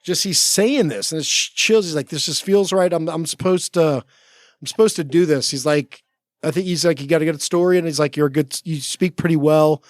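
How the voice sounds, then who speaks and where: Man with a higher voice telling rambling stories. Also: fairly quick, no room sound, studio quality. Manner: rambling, full of 'like', acts out quoted talk. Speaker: podcast guest, former Navy SEAL. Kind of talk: casual storytelling chat. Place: podcast studio.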